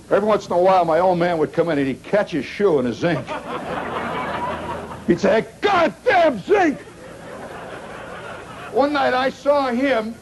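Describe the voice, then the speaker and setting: A middle-aged man telling a rambling comic story to a live audience, wry and animated, with dramatic pauses and sound effects. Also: high voice. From Indiana, United States. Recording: 1970s live recording with noisy audience.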